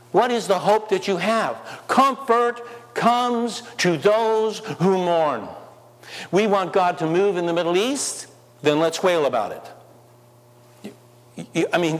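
A man preaching with passion, his somewhat high voice carrying through a church with a long, ringing reverb. He presses the congregation with rhetorical questions, rising to urgent calls and then dropping to soft asides. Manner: impassioned, rhetorical questions, swings between loud and soft. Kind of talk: sermon.

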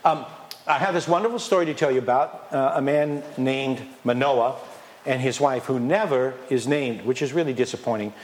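A man preaching a sermon as pastor, lively and conversational, firing questions at the congregation and dropping from loud emphasis to near whispers. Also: medium pitch, normal speed. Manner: animated, questions the congregation, swings from loud to quiet; playfully mocks excuses in a whiny put-on voice.

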